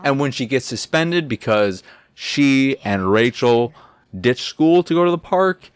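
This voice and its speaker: A man hosting a game review who rants in a sarcastic, profane and animated way. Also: medium pitch, moderate pace, no echo.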